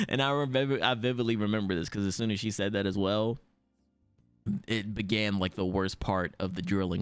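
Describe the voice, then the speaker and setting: A young man streaming, telling a story in casual chat with lots of swearing, swinging from loud outbursts to low mutters. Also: clean tone, no echo.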